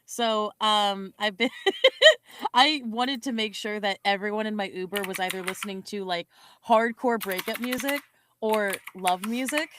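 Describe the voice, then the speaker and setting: A woman's voice: mid-range voice, a little slow, fairly bright tone, slight background noise. A young woman co-hosting a podcast, chatting casually in a rambling, giggly way and correcting herself often. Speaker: podcast co-host. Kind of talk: casual chat.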